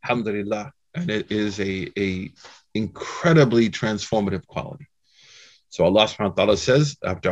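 A man's voice: lowish voice, expressive, normal speed. Guy telling a story at a talk, super chatty, lots of "you know, man", sound's kinda dull. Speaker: Muslim speaker giving a talk.

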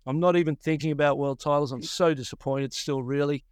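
This Australian-accented surf commentator in his fifties has a slightly high voice, a steady tone, and a brisk, smooth delivery. The studio recording is clean with no room sound, as he recounts stories in a relaxed interview and voices his own past thoughts.

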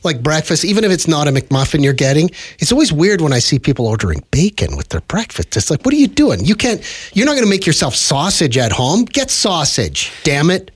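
A man co-hosting a podcast, telling stories in an emphatic, animated way in a casual studio chat. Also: fairly high pitch, brisk, hardly any pauses, husky. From Canada. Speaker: podcast co-host.

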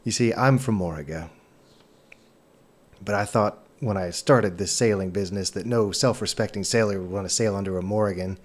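A man voices a worn-out ship captain, sheepish about the fake accent he has been keeping up. The voice sits very low and sounds tired. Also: normal speed, natural voice. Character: weary male ship captain faking an accent.

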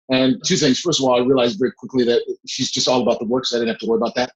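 A man's voice: mid-range voice, quick pace, muffled recording. Reflective man telling a story. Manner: reflective, animated storyteller with laughs. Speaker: guest actor. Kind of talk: conversational interview storytelling.

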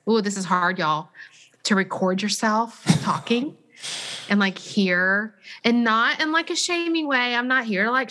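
A woman hosting a conversational podcast interview, chatty and animated, acting out example voices as she talks. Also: medium pitch. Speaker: podcast host.

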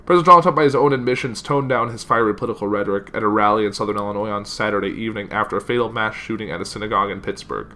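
A man's voice: on the low side, pushed and bright. A young man reading a news article aloud and giving casual opinions, with many "like" fillers. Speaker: political commentary vlogger.

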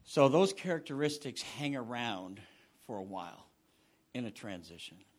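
Lively male preacher swinging loud to hushed. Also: mid-range voice, moderate pace. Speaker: pastor. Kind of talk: sermon.

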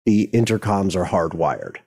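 A man hosting a casual comedy talk show, joking and making quick asides as he talks with his co-host. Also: low-pitched, gravelly, husky. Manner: jokey, animated, quick asides. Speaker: podcast host.

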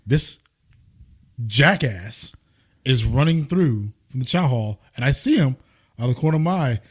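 Lively, salty ex-Marine man. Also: mid-range voice, unhurried, slightly rough. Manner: salty, laughing storyteller. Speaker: former Marine squad leader. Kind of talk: casual podcast chat.

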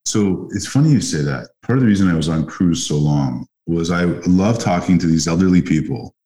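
A man from Canada, a podcast guest, telling lively anecdotes in a casual chat, with frequent restarts. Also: low-pitched, brisk.

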